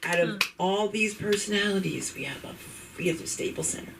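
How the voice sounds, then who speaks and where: A middle-aged woman hosting a live stand-up comedy open mic in a chatty, animated way, slipping into character voices. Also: mid-range voice, a little fast, creaky. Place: comedy club stage. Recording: distant mic with noisy room.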